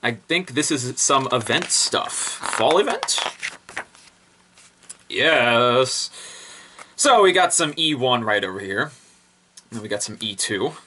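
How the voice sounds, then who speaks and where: A young man giving a casual, unscripted review, rambling and excitable, with lots of fillers and self-corrections. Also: mid-range voice, unhurried, a little hiss or hum. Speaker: product reviewer.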